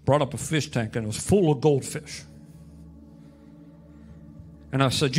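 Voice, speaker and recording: A man's voice: medium pitch, animated, fairly quick, few pauses. Impassioned male pastor preaching. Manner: impassioned, rising to loud emphatic peaks. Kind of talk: sermon.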